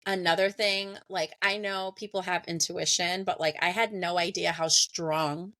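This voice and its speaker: A woman's voice: on the low side, fairly even intonation, normal speed, sharp tone, dry recording. A woman in her thirties, a podcast guest, casually telling a story, laughing often and acting out what people said. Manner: laughs often, acts out conversations.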